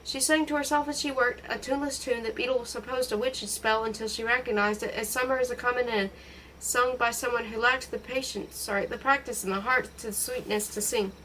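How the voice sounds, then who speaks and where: A woman reading a novel aloud in a steady, expressive storytelling voice. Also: a little high, brisk, few pauses, far from the mic, slight background noise, rough recording. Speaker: audiobook reader.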